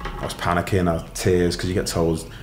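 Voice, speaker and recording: A middle-aged man recounting his story with candid, matter-of-fact ease. His voice sits very low, and the room is roomy and reverberant, with a faint hiss of ambience behind him. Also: flat delivery, brisk. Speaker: podcast guest. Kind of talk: casual storytelling interview.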